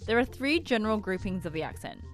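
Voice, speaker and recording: A woman reading scripted narration for an explainer video in an even, informative way. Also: mid-range voice, fast, soft background music.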